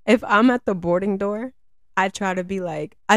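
A woman's voice: medium pitch, fairly quick, dry recording. American flight attendant lady ranting about passengers, lots of laughing, dry close sound. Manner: animated, laughs often, mimics passengers. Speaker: podcast host, flight attendant. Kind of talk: casual chat, ranting.

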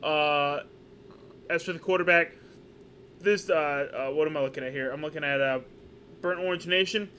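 High-voiced dude on a sports podcast, joking around, repeats stuff a lot. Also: male voice, normal speed, pauses often, a little hiss or hum. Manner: animated, joking, repeats himself. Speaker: podcast co-host. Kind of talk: casual sports podcast chat. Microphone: podcast microphone.

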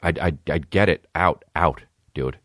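A man hosting a podcast, telling stories in a rambling, swearing, comedic way and breaking into high, silly voices. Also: measured pace, a bit bright, no echo, clean studio sound. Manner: swearing, rambling, jumps into high-pitched impressions. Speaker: podcast host. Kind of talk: casual comedic rambling monologue.

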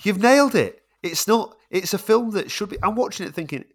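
A man's voice: sits high, a little fast, husky. A middle-aged man co-hosting a film podcast, emphatic and getting worked up in casual chat. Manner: animated, emphatic, rising when worked up. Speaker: podcast co-host.

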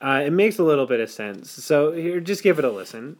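A man's voice: a little high, big pitch swings, fairly quick, hardly any pauses. A man hosting a podcast, chatting casually, laughing often and reading playful rhyming verse. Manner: giggly, reads playful rhymes. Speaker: podcast host.

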